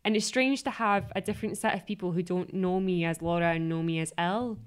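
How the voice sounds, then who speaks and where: Chatty young woman, low voice. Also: fast, clean tone. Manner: chatty, animated storytelling with quoted voices. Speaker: podcast guest, actress. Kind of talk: casual chat.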